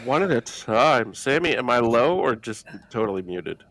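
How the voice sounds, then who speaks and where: A man's voice: medium pitch, very animated, normal speed, a bit bright. A man hosting a live stream from a studio, joking with co-hosts and greeting the chat by name. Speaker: host. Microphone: studio mic.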